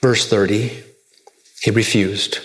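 A man preaching a sermon, emphatic and rhetorical, with repeated questions and wide swings from loud to hushed. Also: fairly low pitch, steady tone, slow pace. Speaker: pastor.

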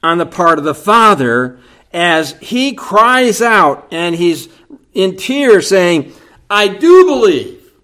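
A man preaching an earnest expository sermon, slow and deliberate. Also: sits high, animated, pushed and bright, clear, resonant tone.

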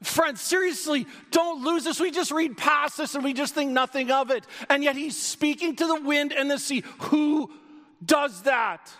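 A man preaching a sermon in a lively way, sometimes raising his voice to a shout for key lines. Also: very high voice, unhurried. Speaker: pastor. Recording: long hall reverb.

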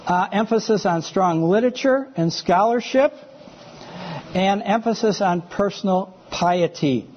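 A man's voice: sits high, dull audio, a little hiss or hum. A man giving a sermon-style teaching lecture to a congregation, conversational, often checking in with his listeners. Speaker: preacher.

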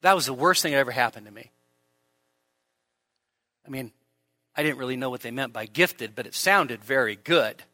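Bright-voiced male pastor preaching animatedly. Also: mid-range voice, moderate pace, pauses often, no echo. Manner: animated preaching with humor and rhetorical questions. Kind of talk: sermon. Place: church.

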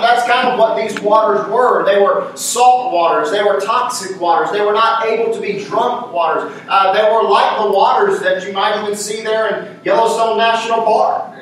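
A man preaches a sermon, hammering his points home through repetition and rhetorical questions. His voice sits high and carries from a distance. The church room around him rings with heavy echo and a faint hiss. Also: fairly bright tone. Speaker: pastor. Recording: echoey church room, mic far off.

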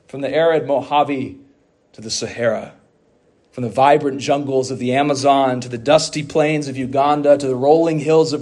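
A pastor preaching a sermon, in a measured, emphatic way with slow, stressed phrases. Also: male voice, a little high.

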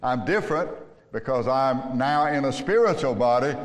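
A preacher quoting a calm, gentle teacher. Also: male voice, medium pitch, moderate pace, in a large hall, close to an everyday voice. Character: gentle, calm male teacher speaking to disciples.

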